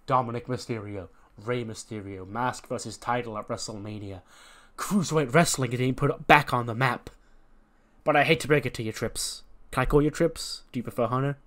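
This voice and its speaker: A man's voice: medium pitch, moderate pace, a bit bright, lightly acted. A man voicing a cocky male cruiserweight wrestler who boasts and trash-talks. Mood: boastful.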